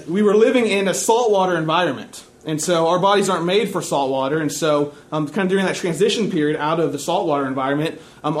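A young man with a high-pitched voice delivers a sermon in a relaxed, chatty way. He keeps checking in with the room and drops dry, self-mocking jokes as he goes. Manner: casual, chatty, checks in with "right?" and "okay?". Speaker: preacher. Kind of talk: conversational sermon.

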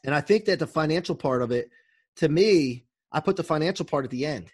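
His voice is a bit high and slightly rough, with lively intonation and a fairly quick delivery. As a coach on a podcast, he joins from home in quarantine for a casual interview, speaking eagerly but rambling and restarting a lot.

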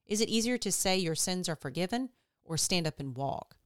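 A woman reading the lines of a calm, authoritative teacher. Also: lowish voice, normal speed, dry recording, studio quality, close to an everyday voice.

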